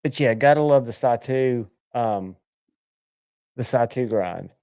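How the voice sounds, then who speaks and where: Chatty man with a smooth, mellow voice. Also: mid-range voice, takes it slowly, no room sound, lo-fi sound. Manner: chatty, rambling, enthusiastic. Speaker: livestream host. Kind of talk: casual chat.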